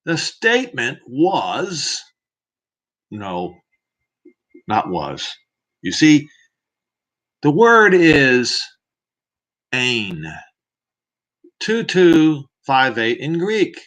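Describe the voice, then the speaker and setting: A man's voice: medium pitch, very animated, extremely slow, pauses often, a bit bright. A man teaching scripture in a preaching manner, emphatic and fond of rhetorical questions to the listener. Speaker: Bible teacher. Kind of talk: preaching Bible commentary.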